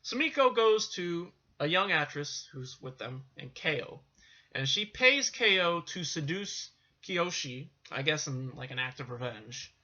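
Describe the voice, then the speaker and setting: A man recaps a film's plot in a loose, rambling way, full of fillers and restarts. His voice sits a bit high and sounds sharply bright and tense. The recording is dull and lo-fi. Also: animated, measured pace. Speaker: film reviewer.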